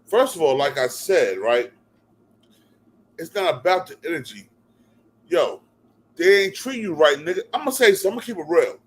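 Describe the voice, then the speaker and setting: A man's voice: on the high side, expressive, moderate pace, long pauses, breathy edge. Heated New Jersey man ranting. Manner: heated, repetitive, punctuates with "yo" and "bruh". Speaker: vlog commentator. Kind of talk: profane rant to camera.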